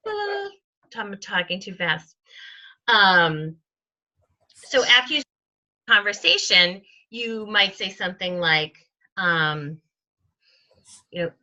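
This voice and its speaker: A woman's voice: medium pitch, very animated, slow pace, long pauses, sharp tone. A woman giving a casual training talk to her sales team, chatty with many ums, acting out sample conversations. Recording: dull lo-fi recording.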